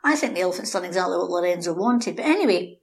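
Animated woman telling a story. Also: lowish voice, rapid-fire. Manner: lively, animated, acts out characters. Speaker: local storyteller guest. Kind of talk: anecdotal storytelling.

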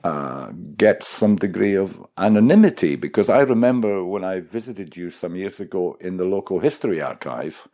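Deep, mellow male interviewer. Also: expressive, normal speed, hardly any pauses. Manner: conversational, prompting questions.

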